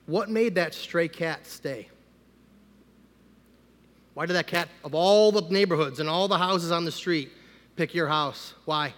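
A man, a pastor, giving a conversational sermon that rises into loud, emphatic preaching. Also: on the high side, unhurried, pauses often. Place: church sanctuary. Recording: long hall reverb.

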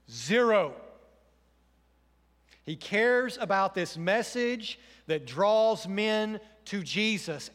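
A man preaches a sermon from the pulpit, his fairly high voice swelling on emphatic questions and falling quiet again. His words ring out into a church with a long reverb tail. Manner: earnest preaching, rising to emphatic questions then dropping soft. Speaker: pastor.

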